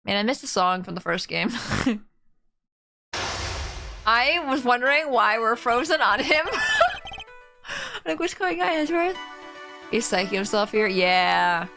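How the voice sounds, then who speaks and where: Chatty lady streamer playing a game live, laughs a lot, game music loud behind. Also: on the high side, expressive, unhurried, creaky, pauses often. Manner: chatty, laughs often, talks to chat. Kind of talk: live gameplay commentary.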